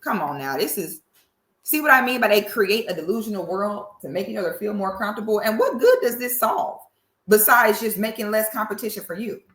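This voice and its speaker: A woman doing reaction commentary in a sassy, animated, drawling way. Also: mid-range voice, a little fast, echoey room. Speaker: commentary host.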